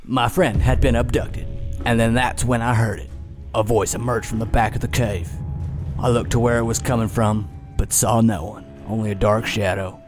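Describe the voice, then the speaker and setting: A man voicing a frontier-town mayor in a put-on accent, telling a long grim tale in drawn-out monologues. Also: medium pitch, steady tone, close to an everyday voice. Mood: grave. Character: male small-town mayor, shaken gunslinger-era storyteller. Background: music.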